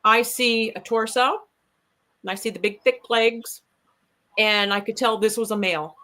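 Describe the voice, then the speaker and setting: A woman's voice: fairly high pitch, normal speed, pushed and bright, low-quality recording. A woman guest earnestly recounting an outdoor encounter in a casual, rambling way. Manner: earnest, rambling, with fillers and restarts.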